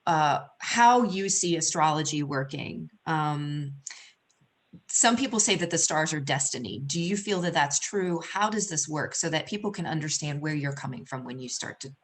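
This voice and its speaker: Woman host, deep for her sex, loose casual delivery with lots of ums. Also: lively intonation, moderate pace. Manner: warm, rambling, many fillers. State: emotional, near tears at times. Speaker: host, energy healer. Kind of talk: casual live-stream interview.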